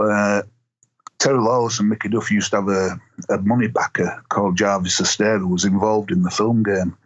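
A lowish, husky man's voice spins long, rambling stories full of fillers. He is a former boxer and rugby player chatting as an interview guest. The recording sounds dull and lo-fi. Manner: rambling anecdotes with many fillers. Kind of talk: casual storytelling interview.

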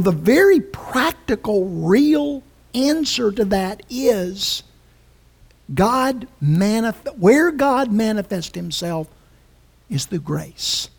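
A woman's voice: on the high side, husky. A woman preaching a sermon with passion and emphasis, often restarting her phrases.

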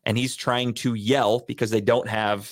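A man co-hosting a podcast, telling a long story in a profane, animated, casual way. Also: medium pitch, moderate pace, no room sound, studio quality. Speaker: podcast co-host.

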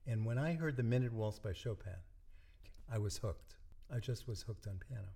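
Mellow-voiced man telling stories. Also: mid-range voice, moderate pace, gravelly. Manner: relaxed storytelling, trailing off softly. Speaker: guest, musician and dentist. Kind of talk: casual interview talk.

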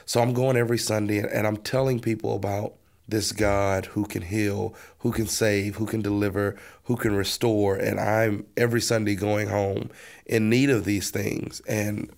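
Gravelly low-voiced pastor telling his story. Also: flat delivery, normal speed, darkish tone. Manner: earnest storytelling, repeats words as he restarts, acts out his own past words. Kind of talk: personal testimony in an interview.

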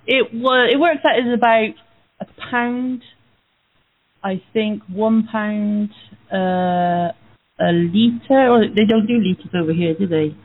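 A woman's voice: mid-range voice, slow. A British woman co-hosting a casual talk radio show, chatty and laughing often. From United Kingdom. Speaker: co-host. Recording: tinny phone line.

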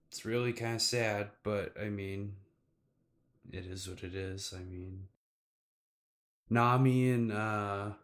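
Low-voiced laid-back male podcaster. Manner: laid-back, short agreeing remarks. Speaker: podcast co-host. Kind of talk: casual chat.

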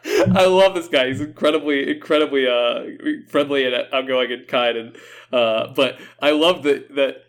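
A man's voice: mid-range voice, normal speed. A man co-hosting a casual podcast, hedging his words and often joking. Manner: hesitant, hedging, playful. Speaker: podcast co-host.

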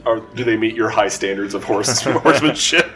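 A man's voice: fairly low pitch, flat delivery, a little fast, fairly bright tone. A man playing a tabletop game, chatting and joking playfully with the table. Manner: playful, chuckling. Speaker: player. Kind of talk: casual tabletop play.

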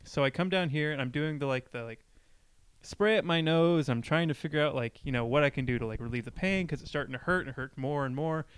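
Smooth-voiced young man telling a story. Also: a little high, a little fast, no room sound. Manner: rambling, heavy on filler "like". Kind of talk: casual anecdote telling.

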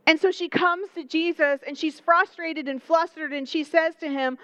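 A young woman preaching a lively, conversational sermon, full of rhetorical questions and asides to the congregation. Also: very high-pitched, normal speed, few pauses, no echo, muffled recording.

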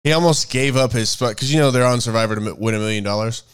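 A man co-hosting a casual faith-based chat, rambling and thinking out loud as he searches for words. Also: medium pitch, very fast, clear, resonant tone. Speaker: podcast co-host.

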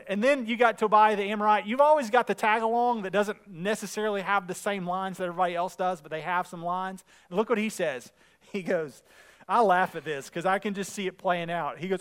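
A man preaching a sermon, retelling scripture in a casual way and acting out the dialogue, getting louder and more emphatic as he goes. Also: sits high, a little fast, clear, resonant tone. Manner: conversational preaching, acts out biblical dialogue. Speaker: pastor.

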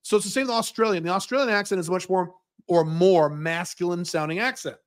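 High-pitched and fairly quick, this General American-accented man runs a Q&A stream from his home in Dubai. He delivers a livestream monologue, answering viewers' questions bluntly, swearing and doing mocking impressions.

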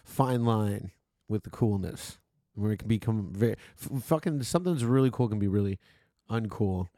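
A man's voice: lowish voice, normal speed, dark tone, no room sound, studio quality. A man from Canada co-hosting a podcast in laughing, profane casual banter. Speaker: podcast co-host. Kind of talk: casual chat.

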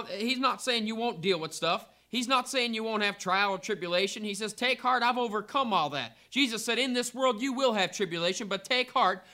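A man's voice: very high-pitched, sharp tone. A pastor preaching a fervent sermon, a man building emphatic repeated lines.

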